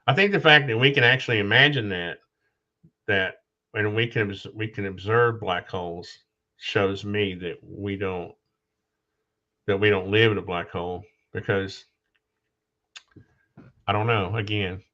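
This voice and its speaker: A man hosting a casual podcast conversation, talking haltingly with restarts, losing his train of thought and coughing now and then. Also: lowish voice, bright, forceful tone. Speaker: podcast host. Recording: dull lo-fi sound.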